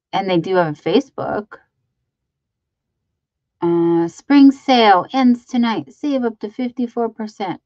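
A woman's voice: medium pitch, dry recording, highs cut off. Chatty woman hosting a crafting livestream. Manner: chatty, rambling, many ums and restarts; softly coos baby talk to her dogs. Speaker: livestream host. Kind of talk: casual livestream chat.

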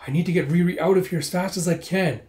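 A man's voice: sits high, fast talker, a little mellow, pitched above the performer's own voice, lightly acted. A man doing an earnest young swordswoman. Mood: resolute. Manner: earnest, resolute. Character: determined young princess swordfighter.

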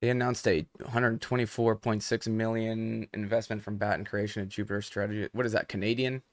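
A young adult man hosts a live trading stream with a somewhat low voice. He chats casually and addresses his viewers directly. The sound is close and dry. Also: flat delivery, fairly quick, no echo. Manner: casual, chatty, talks straight to viewers in the chat. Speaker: host.

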